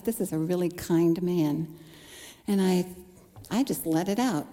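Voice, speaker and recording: A woman's voice: fairly low pitch, dark tone. Earnest woman preaching in a reverberant hall. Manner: earnest storytelling, acting out her own past thoughts. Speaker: speaker. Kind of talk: personal testimony sermon.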